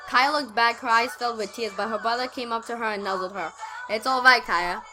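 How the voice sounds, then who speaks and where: A woman reading her own homemade story aloud in a casual, halting way, often repeating words. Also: a little high, music in the background, poor audio.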